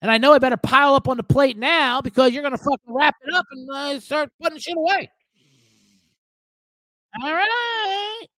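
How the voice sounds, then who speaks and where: A man's voice: very high voice, normal speed, no room sound, rough recording. A man hosting a sports betting show, ranting comically with lots of swearing and mimicking relatives. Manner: profane, animated, mimics family members. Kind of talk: comedic live-stream rant.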